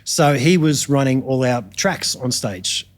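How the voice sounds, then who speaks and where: Laid-back Australian guitarist telling stories. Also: male voice, mid-range voice, a little slow. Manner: laid-back, slangy, many ums and restarts. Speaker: guitarist guest. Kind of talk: casual podcast storytelling.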